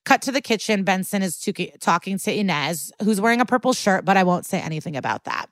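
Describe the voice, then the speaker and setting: A woman's voice: mid-range voice, animated, quick pace, no echo. A woman co-hosting a podcast, casually recapping an episode in a chatty, profane way. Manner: chatty, profane, acts out quotes. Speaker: podcast co-host.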